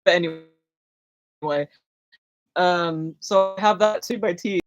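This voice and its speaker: Speaking slowly in a fairly low, even voice, a young woman runs a livestreamed spiritual Q&A. Her talk is loose and chatty, self-conscious and giggly, with frequent fillers and false starts.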